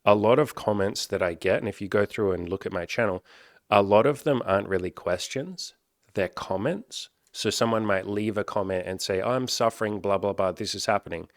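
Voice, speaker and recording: A man with a low, deep voice talks straight to camera about his coaching work. His delivery is casual and candid, with lively bursts when he acts out other people, and he swears freely. The sound is close and dry, with no room echo. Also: normal speed. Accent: Australian. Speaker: life coach and content creator. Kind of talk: casual talking-head monologue.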